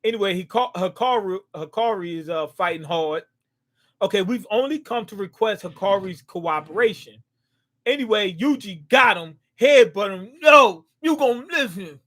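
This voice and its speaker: A man with a high, bright-pitched voice reacts live as he reads a comic aloud. He is excitable, bursts out at big moments and trips over hard names as he goes. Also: normal speed. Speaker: manga reaction host.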